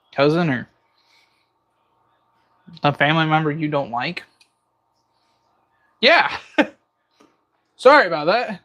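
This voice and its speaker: Cooking in his kitchen during a casual livestream, a host with a fairly high, fairly bright voice chats away. He reads viewers' comments out loud and jokes his way through them.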